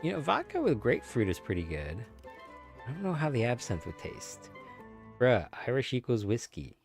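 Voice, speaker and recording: A man's voice: medium pitch, huge pitch swings, moderate pace, vocal fry, faint music behind. A man streaming a game, chatting casually and joking in a rambling way with his viewers. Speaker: gaming streamer. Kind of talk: casual live-stream chat.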